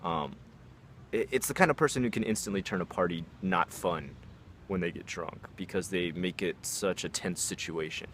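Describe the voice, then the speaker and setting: A young man with a deep, low voice tells a personal story in a casual, rambling way. He pads his sentences with fillers and drifts into asides. A faint hiss sits under his voice. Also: moderate pace, fairly bright tone.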